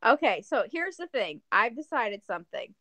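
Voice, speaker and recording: A woman co-hosting a podcast in casual chat, joking and rambling through plans in an animated way. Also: on the high side, moderate pace, slight background noise. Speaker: podcast co-host.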